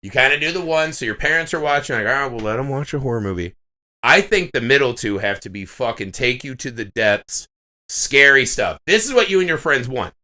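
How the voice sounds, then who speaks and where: A man's voice: medium pitch, brisk. A man in casual podcast chat, telling stories with lots of swearing. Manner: animated storytelling, swears freely. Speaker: podcast co-host.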